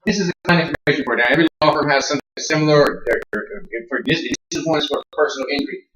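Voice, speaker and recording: A man's voice: a little high, very fast, a bit bright, echoey room, a little hiss or hum, poor audio. A man teaching a paralegal class, talking loosely and conversationally, repeating and restarting words and putting questions to the students. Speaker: law instructor and attorney. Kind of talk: classroom lecture.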